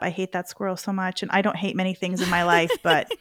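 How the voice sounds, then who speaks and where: Middle-aged female guest, lively casual storytelling, dry recording. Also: lowish voice, fast talker, no echo. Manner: animated storyteller, acts out her own reactions. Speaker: podcast guest. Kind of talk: casual interview chat.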